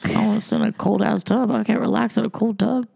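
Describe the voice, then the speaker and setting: A woman's voice: fairly high pitch, fairly even intonation, fast, gravelly, mellow, husky. A woman co-hosting a podcast, trading crude jokes in casual chat. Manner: crude, joking banter. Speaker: podcast co-host.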